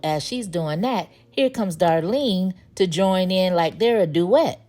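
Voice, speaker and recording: A woman's voice: fairly low pitch, animated, slow pace, warm tone. A woman giving a casual spoken recap of a TV episode, telling the story in a chatty way with sassy asides. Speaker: TV show recap reviewer.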